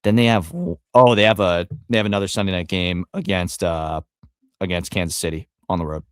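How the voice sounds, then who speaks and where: A man's voice: sits low, steady tone, fairly quick, smooth, no room sound, clean studio sound. A man co-hosting a sports podcast, rambling casually with frequent fillers and the odd curse. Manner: rambling, profane, trails off with fillers. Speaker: podcast co-host.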